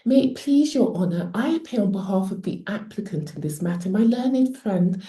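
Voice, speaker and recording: A woman's voice: medium pitch, lively intonation, moderate pace, warm tone, roomy sound, voice pushed up, close to an everyday voice. A woman voicing a posh, formal female barrister addressing a judge, with a put-on upper-class British accent and clipped courtroom manner.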